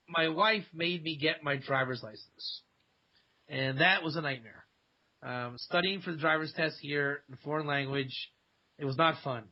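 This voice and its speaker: High-voiced husky man, radio guest. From Dayton, Ohio, USA. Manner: animated storytelling with quoted voices and laughs. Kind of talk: casual radio interview. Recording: dull lo-fi radio sound.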